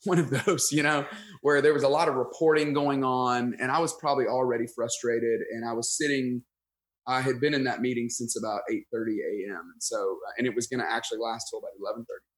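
An American man appears as a pastor guest on a podcast, telling a story in a casual chat. He's animated and self-deprecating, acting out his own thoughts, and he talks fast in a mid-range voice.

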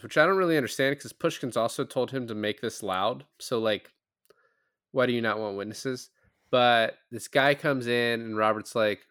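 Smooth-voiced man retelling movie scenes. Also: medium pitch, unhurried, fairly bright tone, no room sound, studio quality. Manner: swears casually, retells scenes with quoted lines. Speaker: podcast co-host. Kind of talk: casual movie podcast chat.

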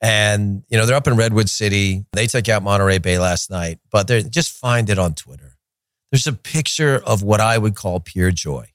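A man's voice: on the low side, moderate pace, fairly bright tone, no room sound, studio quality. A man hosting a soccer podcast in a chatty, opinionated way, with joking rants. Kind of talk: casual solo commentary.

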